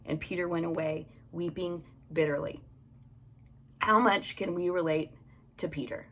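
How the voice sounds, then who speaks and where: A woman's voice: on the low side, fairly even intonation, a little slow. Chatty woman teaching the Bible. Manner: chatty, storytelling, reads scripture aloud. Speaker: devotional podcast host. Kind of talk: casual devotional Bible teaching. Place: home closet.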